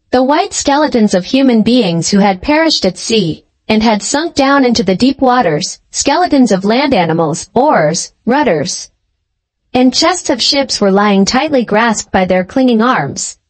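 Woman storyteller with a fairly high voice, steady clear fairy-tale narration. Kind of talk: scripted storybook narration for English learners.

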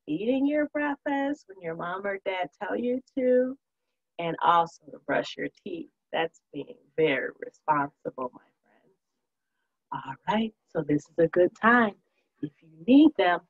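A woman's voice: medium pitch, muffled recording. A woman teaching preschoolers in a remote online lesson, sing-song and encouraging, laughing often.

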